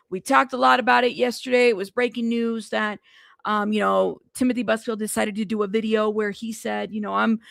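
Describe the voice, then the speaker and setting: A woman's voice: on the high side, creaky, no echo, studio quality. A woman hosting a casual news livestream, chatting with her live chat and using a lot of fillers. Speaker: news show host.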